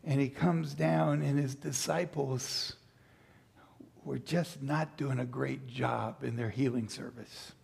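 Slow, gravelly male preacher. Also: mid-range voice, steady tone, darkish tone. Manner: reads scripture then retells it with playful acted-out asides. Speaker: pastor. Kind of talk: sermon.

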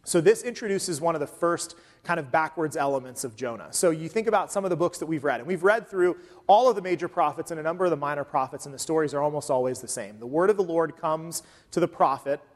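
A man preaching a sermon in a relaxed, conversational way, often pausing with "um" between points. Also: fairly high pitch. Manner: conversational, with frequent um fillers. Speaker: pastor. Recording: long hall reverb.

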